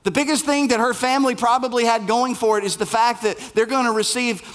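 A man's voice: extremely high pitch, fairly even intonation, fairly quick, fairly bright tone. A male pastor preaching a sermon in a conversational way, repeating his phrases for emphasis.

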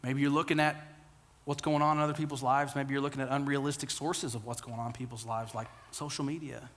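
A man in his thirties preaching an earnest, conversational sermon, often repeating words and dropping low and quiet for key lines. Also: steady tone, quick pace. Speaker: pastor.

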